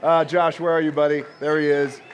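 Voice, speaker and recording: A man in his forties giving an unscripted acceptance speech at an outdoor ceremony, joking and pausing often with fillers. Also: on the high side, little pitch movement, slight background noise. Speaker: speaker at an outdoor honor ceremony.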